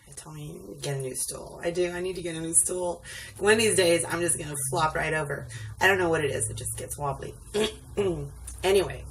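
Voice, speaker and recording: A woman rideshare driver telling a rambling story in a casual vlog, full of ums and asides, tired late at night. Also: low-pitched. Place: indoors at home, sitting on a wobbly stool. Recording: distant mic with faint background noise.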